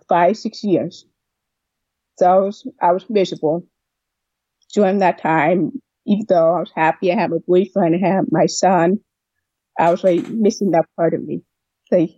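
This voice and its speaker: Deaf woman telling her story, mellow voice. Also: on the low side, no echo, highs cut off. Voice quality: deaf speech. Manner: rambling, animated retelling of dialogue. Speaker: interviewee. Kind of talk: casual storytelling.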